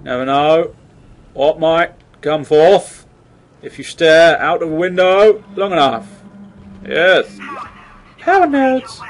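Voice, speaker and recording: A man's voice: on the high side, slow pace. A man giving jokey, mildly sweary let's play commentary on a horror game. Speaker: gamer.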